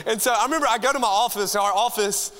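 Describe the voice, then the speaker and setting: A man, a youth pastor preaching an energetic, joking sermon to a congregation in a large church hall. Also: high-pitched, fast talker. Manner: animated, joking, talks straight to the crowd. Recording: long hall reverb from a church room.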